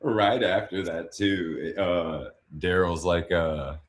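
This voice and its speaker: A man with a very low voice co-hosting a casual movie podcast. He is laid-back and acts out quoted movie lines with relish. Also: takes it slowly. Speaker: podcast co-host. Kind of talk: casual chat about a movie.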